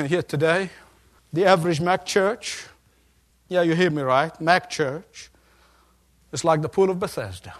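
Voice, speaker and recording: Emphatic high-voiced male preacher. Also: unhurried, pauses often. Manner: preaching with emphatic repetition and rising intensity. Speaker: pastor. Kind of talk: sermon.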